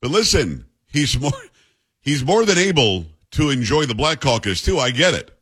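A man's voice: medium pitch, big pitch swings, moderate pace, a bit bright, breathy edge. A male radio talk show host in casual, wry banter, mocking the clips he plays.

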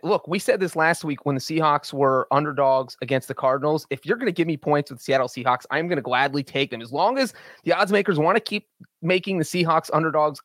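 A man's voice: a little high, a bit bright, no echo, studio quality. A man co-hosting a sports betting show, giving confident, plain-spoken picks in casual chat. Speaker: sports betting podcast co-host.

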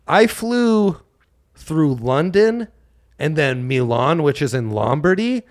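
A man's voice: on the high side, slow. A man from Colorado co-hosting a podcast, joking around in casual banter and laughing often. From Colorado, United States. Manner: jokey, animated, laughs often. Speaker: podcast co-host.

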